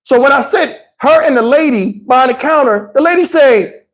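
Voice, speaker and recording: A middle-aged man tells a profane, animated story to his livestream chat. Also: normal speed. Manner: animated, profane, swings into high voices to mimic others. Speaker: livestream host.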